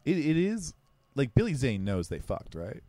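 A man talking casually about films in a dry, close recording with no room sound. His pitch swings a lot as he talks fast, often restarting his words. He runs himself down with a joke. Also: huge pitch swings, mellow, no room sound. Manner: fast, self-deprecating, stammering restarts. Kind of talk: casual movie-watching chat.

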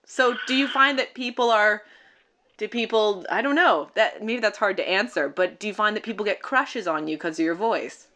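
Podcast host lady, middle pitch, asking guest questions. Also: normal speed. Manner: warm reactions, reads listener questions. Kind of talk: casual interview chat.

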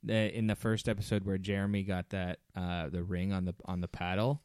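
A man's voice: deep voice, little pitch movement, brisk, darkish tone, clear, resonant tone, no echo, studio quality. A man co-hosting a podcast in casual chat, rambling with many restarts and frequent laughs. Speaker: podcast co-host.

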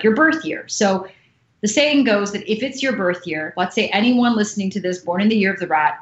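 A woman chatting casually on a podcast, earnest and full of fillers. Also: on the low side. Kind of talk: casual chat. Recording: echoey, dull lo-fi sound.

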